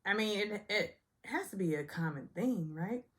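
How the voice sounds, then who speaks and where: A woman's voice: medium pitch, animated, moderate pace, a bit bright. A woman from the Southern United States recapping a reality show in a chatty, gossipy way with sarcastic asides. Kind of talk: casual recap vlog.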